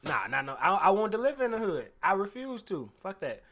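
A man's voice: high-pitched, a little fast. A man telling stories in a casual chat with friends, acting out what he and others said. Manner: animated storytelling, acts out his own quotes.

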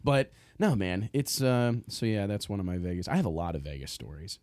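A man hosting a podcast, telling a story in a casual, animated way, acting out what people said and laughing often. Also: low-pitched, fairly quick, no echo, clean studio sound. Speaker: podcast host.

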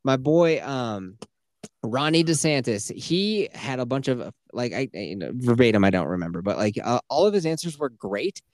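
A man talking politics on a podcast in a loose, profane, rambling way. He keeps acting out what other people said in quick quotes. His pitch sits in the middle range, and his voice is recorded close on a dry mic. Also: animated, dry recording. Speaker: podcast co-host. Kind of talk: casual political chat.

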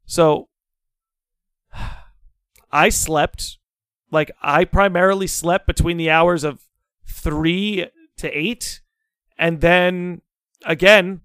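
A young man guesting on a podcast, telling a story in a casual, animated, dramatic way and swearing freely. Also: a little high, extremely slow, long pauses, smooth, dry recording.

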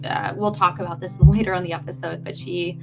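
A woman's voice: on the low side, level tone, brisk, vocal fry, over music. A young adult woman co-hosting a podcast in casual chat, effusive and heartfelt, with lots of fillers. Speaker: podcast co-host.

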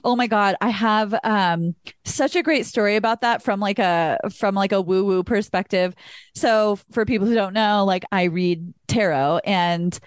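A woman's voice: mid-range voice, a little slow, clean tone, dry recording, clean studio sound. A woman hosting a casual podcast, telling personal stories candidly and swearing freely. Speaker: podcast host.

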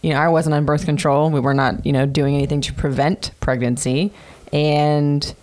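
A woman's voice: deep voice, level tone, normal speed, darkish tone. A woman in her thirties casually telling a personal story on a podcast, chatty and profane with many fillers. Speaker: podcast host.

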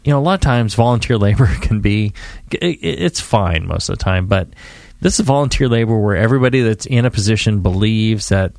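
A man co-hosting a podcast in casual chat, rambling and halting with lots of fillers and restarts. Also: fairly low pitch, expressive, vocal fry, a little mellow, no room sound, studio quality. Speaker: podcast co-host.

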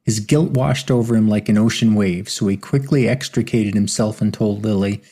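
A man narrates an audiobook in a low, gravelly voice. His tone is dark and mellow, with a husky edge, and his storytelling is steady and even. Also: normal speed. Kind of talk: scripted narration.

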